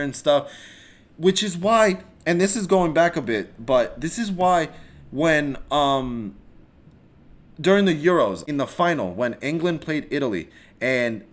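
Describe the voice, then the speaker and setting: A man rambles through a solo live-stream podcast in a loose, casual rant. His voice sits at an everyday middle pitch, and he swears freely, restarts his sentences and swerves into asides. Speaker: podcast host.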